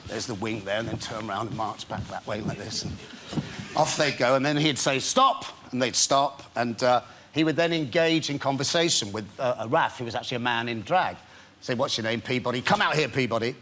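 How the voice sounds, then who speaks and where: A man's voice: mid-range voice, fairly quick. A man telling a rowdy anecdote as a chat-show guest, laughing as he goes and acting out the scene. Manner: animated, laughing through his story, acting it out. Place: television studio.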